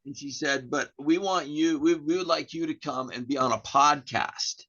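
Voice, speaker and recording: A man's voice: a little high, normal speed, pushed and bright. A man with an American accent telling a long story as a podcast guest, rambling with restarts and acting out the dialogue. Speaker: podcast guest, real estate agent. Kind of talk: casual storytelling in an interview. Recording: dull lo-fi audio.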